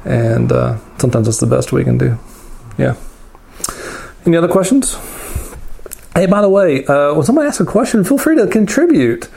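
A pastor answering audience questions in a candid, rambling, self-deprecating way, telling personal stories. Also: male voice, fairly high pitch, sing-song, moderate pace, vocal fry, pauses often, warm tone. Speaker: pastor teaching a Bible class.

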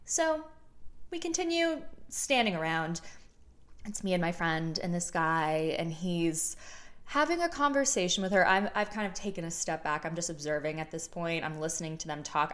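Chatty young woman with a low voice. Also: lively intonation, normal speed, a bit bright. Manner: chatty, candid, swears freely, restarts sentences. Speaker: vlogger. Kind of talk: casual storytelling to camera.

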